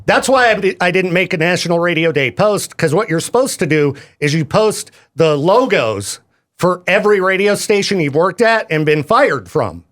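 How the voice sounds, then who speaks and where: A man's voice: high voice, expressive, fairly bright tone. A man hosting a radio show, chatting casually and jokingly in a studio with a microphone. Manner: jokey, chatty, quick laughs. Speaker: radio DJ host.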